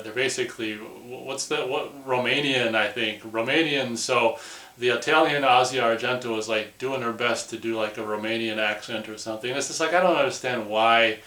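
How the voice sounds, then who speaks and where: A man's voice: mid-range voice, fairly even intonation, moderate pace, bright, forceful tone. Male film reviewer, rambling casual recap, echoey room. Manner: rambling, loose, peppered with "or whatever". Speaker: movie reviewer.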